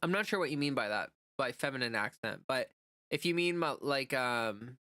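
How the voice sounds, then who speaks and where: Woman streamer, casual chatter with viewers; bright, forceful tone; dry recording. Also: rumbling low, animated, moderate pace, no room sound. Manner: chatty, answers chat messages, many "like" fillers. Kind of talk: casual livestream chat.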